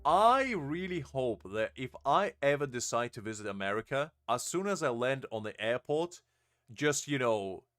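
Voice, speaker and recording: A man's voice: mid-range voice, lively intonation, moderate pace, a bit bright, clean tone. A young man live-streaming a game, chatting casually, laughing often and answering his chat.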